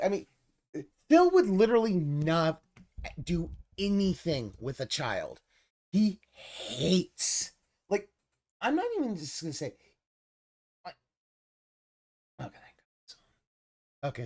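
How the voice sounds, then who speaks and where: Woman stream host, lower voice, very lively swings, sarcastic profane ranting, light music underneath. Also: unhurried, long pauses. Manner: exasperated, sarcastic, swears a lot, mocking voices. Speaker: stream host reacting to a video. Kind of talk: profane ranting reaction commentary.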